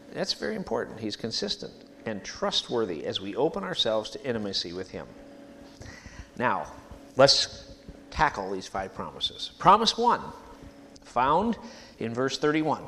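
A man preaching a sermon in a church, emphatic and animated, leading the congregation to repeat phrases after him. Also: mid-range voice, measured pace, pauses often, slight background noise. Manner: sings hymn lines at the start.

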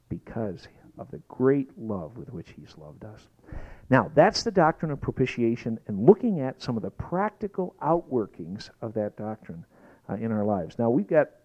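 A man preaching a sermon, emphatic, sometimes rising to shouts. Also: medium pitch, lo-fi sound. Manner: lively, emphatic preaching that rises to shouted exclamations. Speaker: pastor.

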